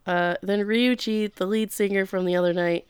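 A woman's voice: mid-range voice, fairly even intonation, normal speed, clear, resonant tone, no room sound. A woman co-hosting a casual podcast recap, playfully acting out characters' lines as she tells the story. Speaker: podcast co-host recapping an anime. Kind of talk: casual chat.

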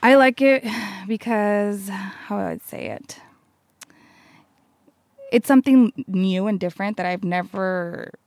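Young woman with a gravelly, hesitant voice. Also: medium pitch, takes it slowly, pauses often, a little mellow, no room sound, studio quality. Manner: hesitant, searching for words, laughs often. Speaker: interviewee, farm worker and mother. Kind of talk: casual interview.

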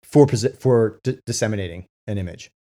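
Man, low voice, casual halting explainer, lots of fillers. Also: dark tone. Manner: halting, many fillers and restarts. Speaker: co-host with legal case experience. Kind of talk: casual discussion.

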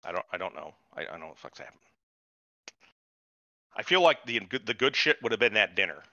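Man ranting and swearing, bright forceful voice, dry dull lo-fi sound. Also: fairly low pitch, sing-song, fast, no echo. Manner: profane, ranting, exasperated. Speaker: podcast host. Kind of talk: casual chat. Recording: dull lo-fi recording.

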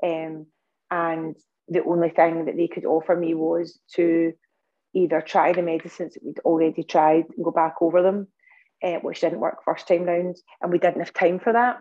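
A Scottish woman speaks as a podcast guest, recounting events earnestly with plenty of ums and restarts. Her voice sits low and stays fairly level, with a warm, mellow tone. The recording sounds a little dull and lo-fi. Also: flat delivery, normal speed. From Scotland. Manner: earnest storytelling with many fillers and restarts. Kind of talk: casual interview talk.

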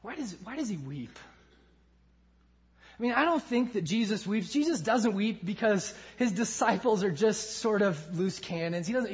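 A man preaching a sermon with passion, swinging from loud emphasis to hushed lines. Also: sits high, dull audio. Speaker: pastor.

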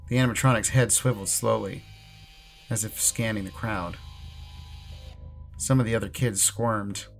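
A low-pitched man reads a horror story in the first person. His delivery is measured and ominous, with faint music underneath. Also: steady tone, creaky. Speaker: narrator. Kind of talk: scripted horror narration.

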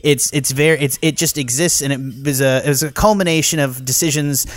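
A man's voice: medium pitch, a little fast, no room sound. A man co-hosting a podcast in casual film review chat, talking in long rambling runs with many restarts. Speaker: podcast co-host.

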